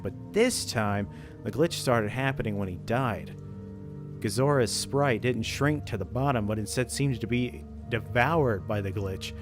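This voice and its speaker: A man reading a creepypasta aloud in a casual way, breaking off now and then to joke and laugh. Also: mid-range voice. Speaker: channel host reading creepypasta. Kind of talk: casual read-aloud of a horror story.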